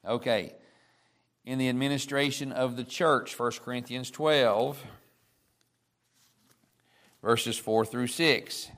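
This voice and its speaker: A man teaching a Bible study lesson, reading verses slowly and deliberately, then explaining in a casual way with fillers. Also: medium pitch, fairly even intonation, fairly bright tone.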